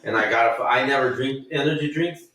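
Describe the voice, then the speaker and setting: A man chatting on a podcast, spinning a crude, rambling story and playing out what other people said. His voice sits at an ordinary pitch for a man. It sounds far from the mic, with heavy room echo. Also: a little fast, bright, forceful tone. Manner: profane, rambling storyteller who acts out quotes. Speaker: podcast co-host. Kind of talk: casual storytelling chat.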